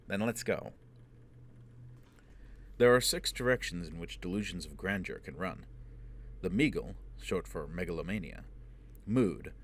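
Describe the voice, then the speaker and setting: A man with a low voice narrates a novel at an even, measured pace. Faint hiss sits under the recording. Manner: steady, measured storytelling with voiced dialogue. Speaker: audiobook reader. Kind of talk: scripted narration.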